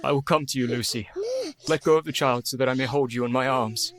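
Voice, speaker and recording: An actor playing an earnest young gentleman in a radio play, anxious and grieving. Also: mid-range voice, fast, very noisy, lightly acted.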